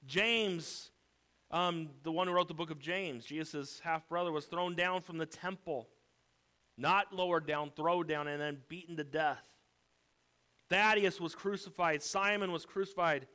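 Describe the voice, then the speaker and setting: A man preaching a sermon, with dramatic swings from hushed, low passages to emphatic shouting and repeated punchlines. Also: measured pace. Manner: emphatic repetition.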